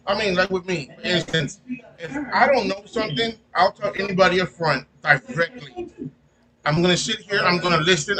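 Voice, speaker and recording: A man in casual podcast talk who explains his view at length in a steady way. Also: sits high, rough recording.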